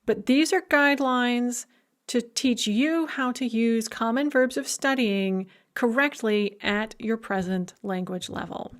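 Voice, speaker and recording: A woman lecturer with a somewhat high voice walks through grammar in a recorded university lecture. She explains clearly and methodically, with an occasional filler, in a steady teaching tone. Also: a little slow. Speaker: language lecturer.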